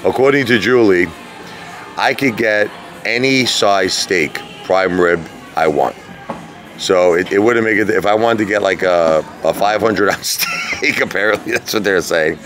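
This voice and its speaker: A man's voice: on the low side, a little slow, over music. A man chatting casually to camera while ordering food at a restaurant table, rambling and restarting his sentences.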